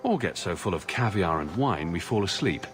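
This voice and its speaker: A man's voice: deep voice, very animated, normal speed, a bit bright, soft background music. An actor voicing a dry, sarcastic male hero in a video game. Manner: sarcastic, mock-posh.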